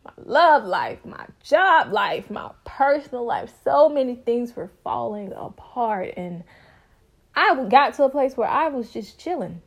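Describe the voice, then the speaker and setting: A woman's voice: measured pace, gravelly. Bubbly talkative young woman podcaster. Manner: bubbly, talkative, expressive with sudden high pitch jumps. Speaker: podcast host. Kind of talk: casual storytelling monologue.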